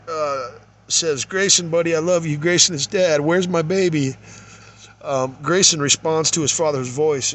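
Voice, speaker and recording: A man reading case notes aloud and commenting on them, halting, with many fillers, trailing off quietly at times. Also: a little high, a little hiss or hum.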